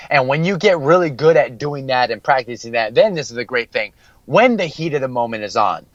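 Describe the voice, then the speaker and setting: A man's voice: medium pitch, a bit bright, no room sound, muffled recording. A man working as a mental skills coach, giving an earnest podcast interview and repeating key phrases for emphasis.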